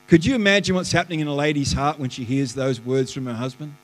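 A man, a pastor preaching a lively sermon that swings between loud bursts and hushed asides, in a church auditorium. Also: a little high, quick pace, few pauses. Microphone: live stream stage mic. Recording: live church hall reverb.

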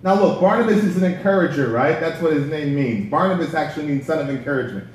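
A man's voice: fairly high pitch, fast. A man preaching a sermon, telling the story in a casual, slangy way. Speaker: pastor. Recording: echoey hall from far off.

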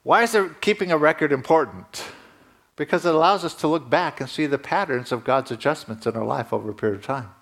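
A man preaching a sermon to his congregation in a conversational way, rising in pitch and emphasis at key points. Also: animated, a little fast, a bit bright. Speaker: pastor.

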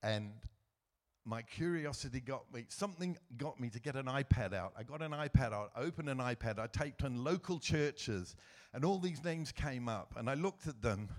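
A middle-aged man giving a personal church testimony as a guest speaker, earnest and emotional, with soft laughs as he tells his story. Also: medium pitch, animated, normal speed.

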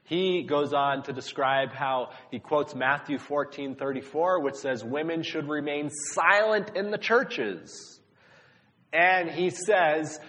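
A man's voice: on the high side, animated, slow, fairly bright tone. A man preaching a sermon, talking emphatically and speaking directly to the congregation. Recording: long reverb of a large hall.

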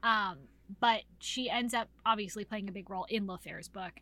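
A woman's voice: medium pitch, moderate pace. A woman co-hosting a podcast, recapping a book in casual chat with lots of swearing and acted-out quotes. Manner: animated, swearing, acts out characters' lines. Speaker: podcast co-host.

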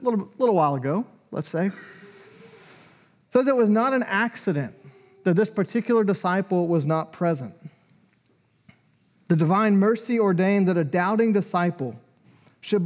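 Pastor, male, high voice, chatty sermon delivery, acts out quotes. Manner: conversational and animated, acting out quoted lines.

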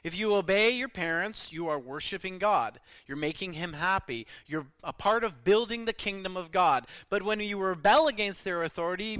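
A middle-aged man preaching a sermon in an earnest, emphatic way, pausing often and letting his endings trail off softly. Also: fairly high pitch, clean tone, no echo.

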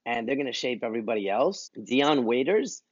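A man co-hosting a laid-back podcast, talking in an animated, rambling way and breaking into laughter often. His voice sits at a middle pitch. The recording is dry and a little dull. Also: fairly quick, no echo. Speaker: podcast co-host. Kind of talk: casual chat.

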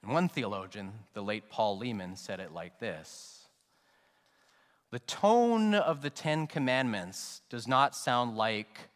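A man preaches a sermon with dynamic delivery, climbing to loud, emphatic peaks and then dropping to soft, low endings. His voice sits at an ordinary pitch for a man. It rings out with the long reverb of a church sanctuary. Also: sing-song, slow pace. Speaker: pastor.

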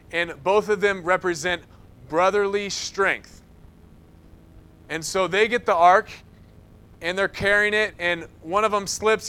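Bright high-voiced man preaching. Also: smooth. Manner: animated storytelling, acts out quotes. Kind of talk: sermon.

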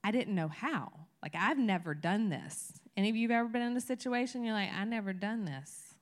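A woman's voice: mid-range voice, a little fast. A woman teaching a church congregation in a candid, conversational sermon style, getting emphatic as her energy builds.

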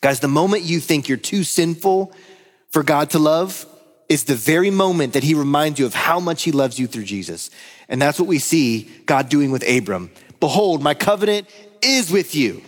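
A man's voice: a little high, normal speed, long reverb tail. A man preaching a sermon, pastor of a church, addressing listeners with repeated questions. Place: church sanctuary.

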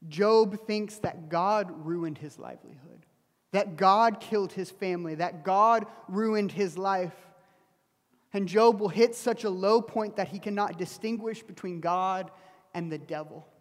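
A man's voice: sits high, a little slow, long reverb tail. A man preaching a sermon, telling a story earnestly and often dropping his voice to a near whisper. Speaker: pastor.

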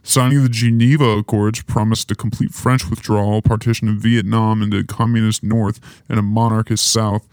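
A man's voice: on the low side, little pitch movement, brisk, hardly any pauses, a little mellow, dry recording, clean studio sound. A man hosting a podcast, reading through a history timeline and breaking off with offhand, joking asides. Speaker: podcast host. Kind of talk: casual podcast history rundown.

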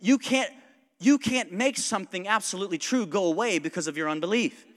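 A male pastor preaching a sermon in a church, conversational and joking, with quick asides, frequent chuckles and a self-described smart-aleck streak. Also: high voice. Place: church sanctuary. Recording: long reverb of a church hall.

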